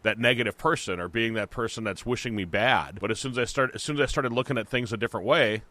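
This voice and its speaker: A man's voice: mid-range voice, fast, no room sound. A man who grew up in Minnesota, hosting a podcast and talking reflectively about his own experience. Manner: reflective, steady, speaks from personal experience. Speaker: podcast host. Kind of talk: casual podcast chat.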